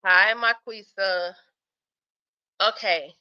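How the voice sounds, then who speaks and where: A sleepy, yawning woman hosts a relaxed livestream, talking straight to viewers and reading their comments aloud between bursts of laughter. Her medium-pitched voice is bright and smooth, and she speaks extremely slowly. The stream audio sounds dull and lo-fi.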